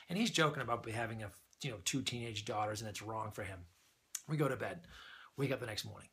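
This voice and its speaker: A man telling a funny anecdote in a casual, animated way, chuckling as he goes. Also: on the low side, quick pace, gravelly, slightly rough. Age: older than the usual young adult. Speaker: storyteller.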